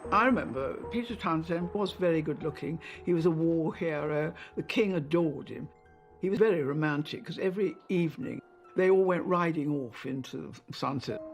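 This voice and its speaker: An older woman recalling old memories in an interview, chatty and anecdotal, with fillers and soft laughs. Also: low voice, moderate pace, soft background music. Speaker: interviewee, former lady-in-waiting. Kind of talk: reminiscing in an interview.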